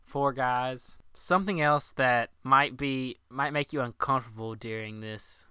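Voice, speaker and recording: A man's voice: mid-range voice, measured pace, bright, forceful tone, clean tone, no echo, clean studio sound. A young man in casual chat about a movie, laughing often and quoting lines in mock voices.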